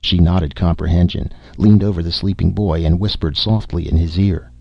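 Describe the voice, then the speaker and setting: A man narrating an audiobook in an even, measured reading. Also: low voice, creaky, breathy edge, no room sound, muffled recording.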